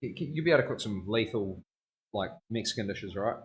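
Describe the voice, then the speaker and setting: A man's voice: fairly low pitch, lively intonation, brisk. A man, a tattoo artist chatting casually on a livestream, slangy and rambling, often laughing. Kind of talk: casual chat.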